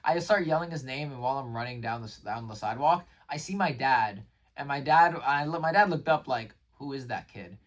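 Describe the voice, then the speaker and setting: A man recapping his day in a casual vlog, rambling and excitable, with lots of fillers and restarted sentences. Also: mid-range voice, fairly quick, recorded from a distance. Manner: rambling, filler-heavy, says "like" and "bro" constantly. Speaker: vlogger.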